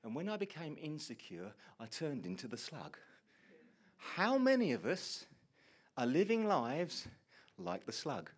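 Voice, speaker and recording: Animated man preaching. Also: a little high, a little slow, breathy edge. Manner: animated storyteller, shouts quoted lines. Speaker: pastor. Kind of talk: sermon with personal story. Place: church hall before a congregation.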